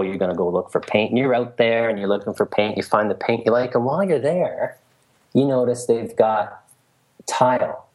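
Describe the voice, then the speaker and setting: A man in casual conversation, explaining an idea through a long story and acting out the voices in it. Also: on the low side. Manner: animated storytelling, acts out quoted voices.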